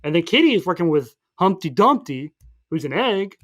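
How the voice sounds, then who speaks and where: Higher-voiced man recapping a movie. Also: sing-song, fairly bright tone. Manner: rambling, retells scenes with quick voiced asides. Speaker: podcast co-host. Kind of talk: casual plot recap chat.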